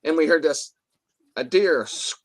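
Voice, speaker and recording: A man's voice: on the high side, a little slow, no room sound. A man telling a story in a casual interview, rambling with restarts and mild swearing, acting out what others said. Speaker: guest telling an encounter story.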